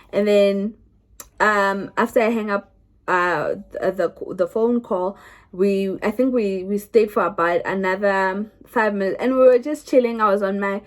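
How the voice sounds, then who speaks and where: A woman's voice: medium pitch, moderate pace. A young South African woman telling her own story to the camera in a chatty way, often restarting her sentences. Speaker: vlogger.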